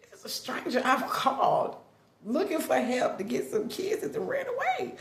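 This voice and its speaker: A woman's voice: sits high, wildly swooping pitch, normal speed. A middle-aged woman, candidly telling a personal family story with lots of "like" and restarts. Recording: echoey room.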